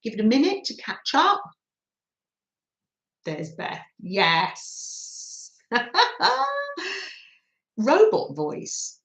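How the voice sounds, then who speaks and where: A woman's voice: mid-range voice, wildly swooping pitch, extremely slow, pauses often, fairly bright tone, roomy sound. A woman hosting a craft livestream, chatting casually and giggling as she reads out viewer comments on her phone. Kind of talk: casual live chat with viewers.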